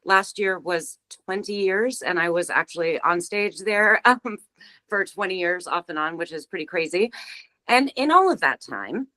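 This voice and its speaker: A woman's voice: lowish voice, expressive, moderate pace, sharp tone. A middle-aged woman, a stage actor, chatting on a video call in an upbeat, laughing way. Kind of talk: casual video-call chat.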